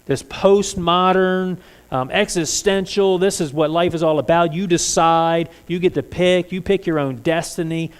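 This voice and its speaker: A man's voice: a little high, a little slow, clean tone. A man preaching a sermon in a church, talking conversationally and asking the congregation many rhetorical questions. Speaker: pastor.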